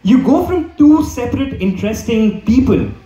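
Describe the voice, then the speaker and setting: A high-voiced man works through a stand-up set, his pitch leaping up and down as he rambles and restarts. He sounds a bit far from the mic in an echoey room, with audience laughter behind him. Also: sing-song, moderate pace, warm tone. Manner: rambling, lots of fillers and restarts. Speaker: stand-up comedian. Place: comedy club stage with audience.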